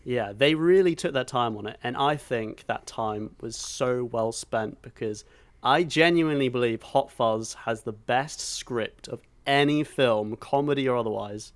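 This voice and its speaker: An excitable man chatting on a podcast, swearing freely and breaking into sound effects as he retells scenes. His voice sits at an ordinary middle pitch. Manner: enthusiastic, sweary, acts out film moments with sound effects. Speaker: podcast co-host. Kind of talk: casual podcast chat.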